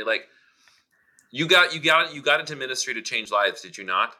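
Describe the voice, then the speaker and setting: Man, very bright tense voice, blunt, emphatic, cusses, casual co-host chat. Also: mid-range voice, expressive, brisk. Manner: blunt and emphatic, swears freely.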